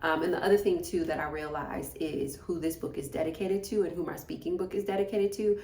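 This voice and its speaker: A woman's voice: fairly low pitch, fairly even intonation, a little fast, darkish tone, slight background noise. A woman vlogging casually about her writing day, rambling and restarting her sentences. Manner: rambling, with repeated words and restarts. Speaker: self-published author vlogging her writing days. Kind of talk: casual talking-to-camera vlog. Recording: echoey room.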